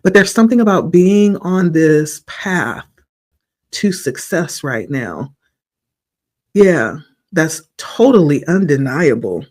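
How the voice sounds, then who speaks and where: Slow, hoarse-voiced man giving a tarot reading. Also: on the high side, very animated, darkish tone. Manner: slow, reflective, encouraging delivery. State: morning voice, slightly hoarse. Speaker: tarot reader.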